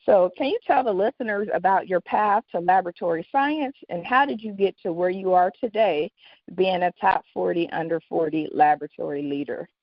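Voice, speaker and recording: A woman hosting a radio interview, asking her guest questions in a measured way. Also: lowish voice, dry recording. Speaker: host. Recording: dry, muffled lo-fi sound.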